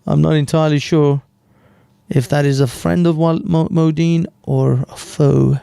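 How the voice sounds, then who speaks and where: A man chatting casually on a live stream. He talks very slowly and swears a lot, with a gravelly voice in a dry, close sound. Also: a little high, fairly even intonation, warm tone, no room sound. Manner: slow, casual, profane.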